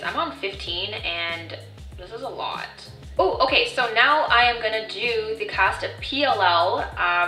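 Young woman vlogger, chatty and self-mocking, bright voice, roomy echo, mic set back, soft music behind. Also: medium pitch, recorded from a distance. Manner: chatty, self-deprecating, reads messages aloud. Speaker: vlogger and actor. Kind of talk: casual vlog chat.

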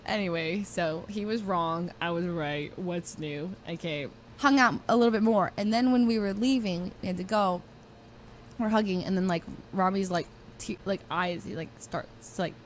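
A young woman streamer telling a story in an animated way, acting out what others said and often breaking into laughter. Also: medium pitch, a little hiss or hum. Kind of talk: animated storytelling with quoted voices.

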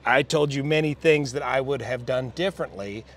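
Older man telling pilot stories, measured. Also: mid-range voice, a bit bright, a little hiss or hum. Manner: reflective, measured, with restarts. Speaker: interview guest, airline pilot. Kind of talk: relaxed storytelling.

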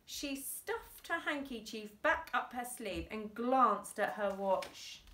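A woman teacher from England reads a storybook aloud. Her delivery is slow and very animated. The room is echoey. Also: on the high side, distant mic. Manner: expressive, unhurried. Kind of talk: storybook reading.

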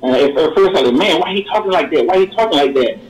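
A middle-aged man calling in to a radio show, giving an earnest, halting testimony with many repeated words. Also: on the high side, animated, crowd noise. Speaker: caller. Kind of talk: call-in testimony. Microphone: phone call. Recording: roomy call-in line.

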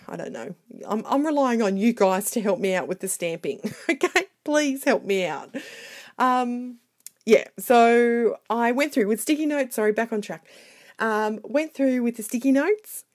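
A woman narrating her scrapbooking video in a casual voiceover, chatty, excitable and quick to poke fun at herself. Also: a little high. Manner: chatty, excitable and self-deprecating. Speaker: scrapbooking vlogger. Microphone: voiceover recorded separately.

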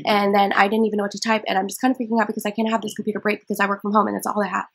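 A woman's voice: medium pitch, flat delivery, very fast, fairly bright tone, breathy edge. A young woman prank-calling a scammer, rambling nervously in a breathless rush. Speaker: prank caller. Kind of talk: scambaiting prank call, fast talk.

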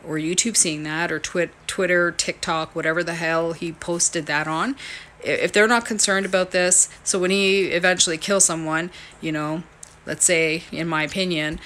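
A woman vlogging from home, rambling and exasperated, with many halting restarts. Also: on the low side, fairly bright tone, a little hiss or hum. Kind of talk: casual ranting vlog.

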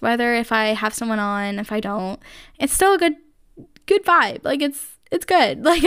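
In casual solo podcast chat, the young host gushes away, her speech heavy with "like" and "um." She has a voice on the high side, fairly bright, clear and resonant. The recording is dry with clean studio sound.

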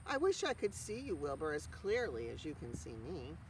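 A kindly female spider with a slow, gentle, precise storybook voice, as a reader puts her on. Her lines drift up and down in lively pitch. The voice sounds a little distant from the mic, with faint noise underneath. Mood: gentle, proud.

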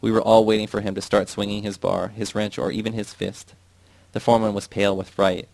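A man reading a novel aloud in a steady, measured way. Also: fairly low pitch, vocal fry, dry recording. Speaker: audiobook reader.

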